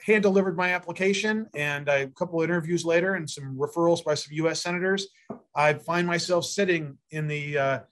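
A man's voice: fairly high pitch, brisk, a bit bright. A middle-aged man, a mayor and a candidate for prosecutor, answering interview questions with long rambling stories full of fillers and restarts.

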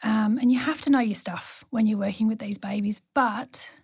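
A woman's voice: mid-range voice, normal speed, creaky, breathy edge, no room sound, clean studio sound. A woman who works as a neonatal nurse practitioner, a guest on an interview podcast, telling her stories in an earnest way. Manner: warm storytelling, earnest. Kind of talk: conversational interview.

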